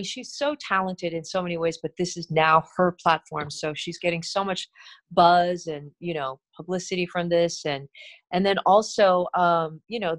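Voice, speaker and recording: Chatty woman laughing between thoughts. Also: on the low side. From Korean heritage. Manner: animated, laughs often, trails off into restarts. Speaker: TV host and interview guest. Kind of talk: casual interview chat.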